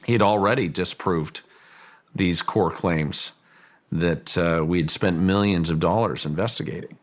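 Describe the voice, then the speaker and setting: Casting note: very deep-voiced middle-aged man, recounting events slowly, stops and restarts his phrases. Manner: halting, repeats words while thinking. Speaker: property owner telling a story. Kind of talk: recounted personal story, interview-style.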